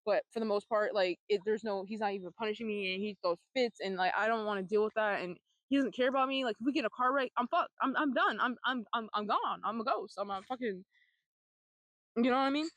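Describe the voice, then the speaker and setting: A woman's voice: medium pitch, quick pace, fairly bright tone, no echo. A young woman vlogging, telling her own life story in a candid, blunt way, with free swearing and sarcastic asides.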